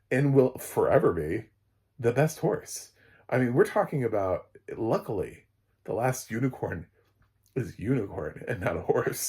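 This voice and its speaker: Rambling, laughing man with a husky voice. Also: mid-range voice, darkish tone. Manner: rambling, laughing, lots of fillers and restarts. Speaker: TV reviewer. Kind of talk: casual solo review chat.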